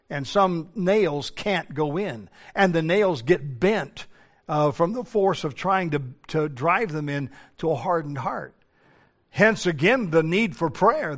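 Male preacher, high voice, emphatic sermon delivery with restarts. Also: a bit bright.

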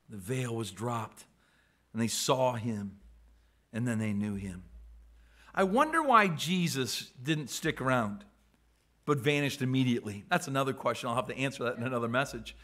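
A man's voice: mid-range voice, fairly bright tone. A man preaching a sermon, acting out the voices of scripture figures with dramatic swings and frequent repeated words. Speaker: pastor.

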